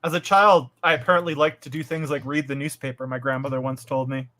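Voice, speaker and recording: A man's voice: mid-range voice, fairly even intonation, quick pace, bright, forceful tone. A Canadian man chatting casually and wryly while streaming a game. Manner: bantering, wry, rambling. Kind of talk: casual gaming chat.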